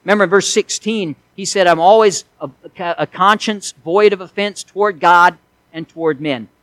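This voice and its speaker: High-voiced emphatic male preacher. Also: moderate pace, no room sound, rough recording. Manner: emphatic preaching with big swings from loud to hushed. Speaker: pastor. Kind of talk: expository sermon.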